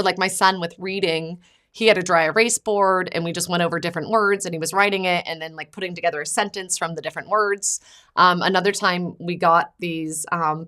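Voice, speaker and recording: A woman in her thirties hosting a podcast, chatting casually and telling family stories in lively bursts, quoting others as she goes. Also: on the low side. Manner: chatty storytelling, quotes her son and mother in lively bursts. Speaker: podcast host. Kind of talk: casual chat.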